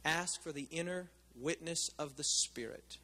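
Male pastor, high and bright voice, casual preaching style, echoing hall. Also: unhurried. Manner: conversational preaching, asks the crowd questions. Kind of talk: sermon.

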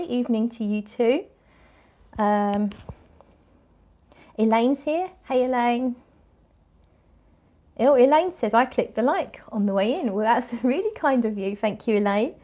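A woman's voice: a little high, mellow. Woman in her 40s, chatty and bubbly, rambling live-stream perfume talk, lots of restarts. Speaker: fragrance livestream host. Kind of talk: casual live-stream chat reading comments.

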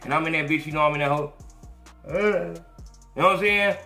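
A man hosting a podcast tells stories in loose, profane, animated talk. His voice sits high and sounds bright and forceful. It echoes around the room over faint music. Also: a little fast, gravelly. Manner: profane, animated, acts out quotes. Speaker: podcast host. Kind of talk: casual storytelling chat.

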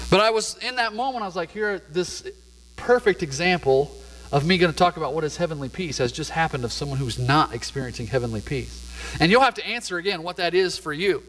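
A middle-aged man preaching with a somewhat high voice and an easygoing, chatty delivery. He tells stories like he is talking with friends. His voice carries a long reverb from the church hall around him. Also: sing-song, quick pace, a bit bright, a little hiss or hum. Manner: conversational storytelling, laid-back. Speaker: pastor. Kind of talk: sermon. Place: church sanctuary.

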